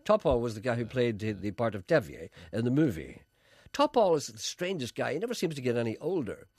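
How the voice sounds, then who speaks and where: A man's voice: mid-range voice, sing-song, a little fast, a little mellow, no echo, studio quality. A man hosting a radio show, chatting in a playful, teasing, wry way. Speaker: radio host. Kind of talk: casual radio chat.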